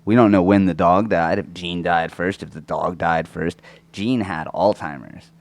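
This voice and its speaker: Rough-throated man in crude casual chat. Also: deep voice, steady tone, moderate pace. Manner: crude, rambling, swears a lot. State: sore throat, coughing. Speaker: podcast co-host. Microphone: close microphone.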